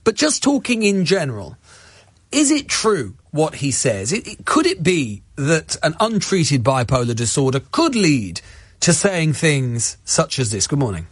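A man's voice: on the high side, big pitch swings, measured pace, breathy edge, no echo. A male radio host giving earnest, argumentative commentary and interviewing a guest, with frequent restarts. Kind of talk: opinionated talk radio commentary. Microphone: studio microphone.

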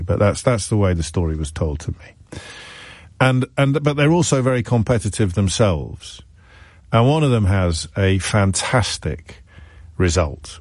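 A man's voice: sits low, darkish tone, no room sound. A man hosting a radio phone-in, telling stories in a wry, self-correcting way. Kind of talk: conversational storytelling.

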